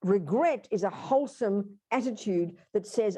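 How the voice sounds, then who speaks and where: A woman's voice: mid-range voice, sing-song, moderate pace, few pauses, mellow. A woman teaching a Buddhist workshop, speaking emphatically and directly to her audience.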